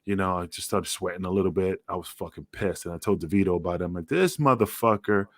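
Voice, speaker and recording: A man's voice: level tone, fast talker, dry recording. A man, a former wrestler, telling rambling, profane stories in a casual podcast chat. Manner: profane, rambling, acts out quotes in a higher voice.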